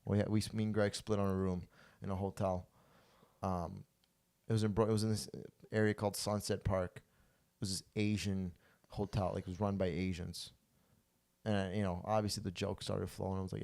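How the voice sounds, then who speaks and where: Profane, animated male podcast host. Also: low voice, fairly quick, vocal fry. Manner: profane, animated storyteller who acts out quotes loudly. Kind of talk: casual storytelling chat.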